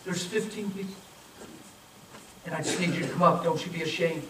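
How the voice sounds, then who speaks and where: Guy preaching in an echoey hall, mic kinda far off, voice a bit high, tells stories n acts out the voices. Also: steady tone, fairly quick. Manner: storytelling, acts out quoted voices, urgent then soft pleading. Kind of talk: sermon with altar call. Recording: echoey, from far off, faint noise.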